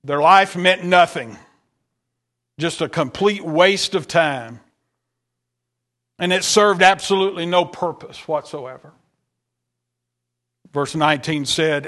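A man preaching a sermon, reading scripture aloud in King James wording and pressing his points with drawn-out emphasis. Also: on the high side, a bit bright.

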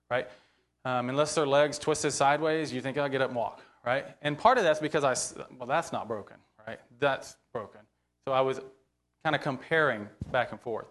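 A man of medium pitch teaching a church group. He walks through scripture in an informal, talky way and keeps checking in with his listeners. He sounds earnest and open about his feelings. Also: fairly bright tone. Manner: conversational, often checks in with "right?"; earnest, openly emotional about faith.

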